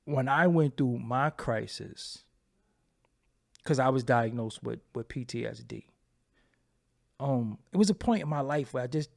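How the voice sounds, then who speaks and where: Gravelly-voiced man telling his story. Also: mid-range voice, a little mellow. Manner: candid, profane, halting with repeated phrases. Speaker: channel host. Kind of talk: personal storytelling to camera.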